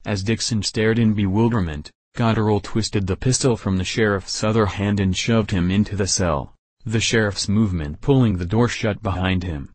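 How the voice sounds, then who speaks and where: A man narrating a first-person audiobook in a measured, steady way. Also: lowish voice, dry recording.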